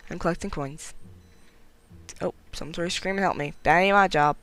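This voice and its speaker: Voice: medium pitch, brisk, fairly bright tone, faint music behind, rough recording. A gameplay commentator talking casually while playing, chatty and giggly, mocking themself and getting nervous when danger comes near. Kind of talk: casual let's-play commentary.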